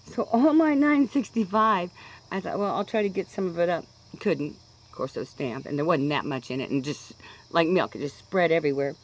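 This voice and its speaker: A woman's voice: low-pitched, low-quality recording. A woman in her sixties with a Kansas accent, chatting in a rambling way on her video blog and going off track, outdoors on a deck. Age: 60s. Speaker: pipe-smoking vlogger. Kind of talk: casual rambling monologue.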